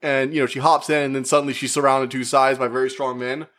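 A man giving a casual, rambling spoken movie review, chatty and full of fillers, who acts out the characters' lines in quick put-on voices. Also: medium pitch, little pitch movement, a bit bright. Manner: rambling, with frequent fillers and restarts. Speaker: media reviewer.

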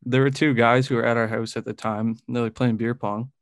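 A man's voice: mid-range voice, level tone, a little fast, smooth, no echo. Rambling young guy telling a story. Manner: rambling, fills speech with "like", laughs often. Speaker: podcast co-host telling a story. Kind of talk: casual storytelling chat.

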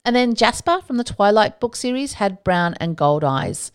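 A woman's voice: medium pitch, very animated, normal speed, smooth. A woman hosting a solo podcast, talking casually with playful asides and self-mocking jokes. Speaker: podcast host.

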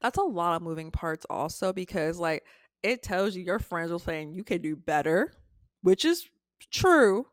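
A woman co-hosting a podcast in casual chat, animated and slangy, swearing freely and acting out what friends would say. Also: lowish voice, measured pace, dry recording, clean studio sound. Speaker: podcast co-host.

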